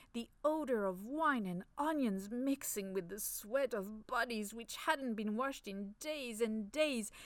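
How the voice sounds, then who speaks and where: A woman narrating a story in the first person, expressive, slipping in playful French phrases. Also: fairly high pitch, dry recording.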